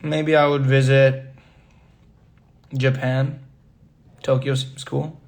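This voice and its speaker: A man's voice: medium pitch, flat delivery, slow pace. A young man in his twenties on a phone livestream, chatting casually and answering viewer questions, switching languages and laughing often. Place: indoors, working away from home.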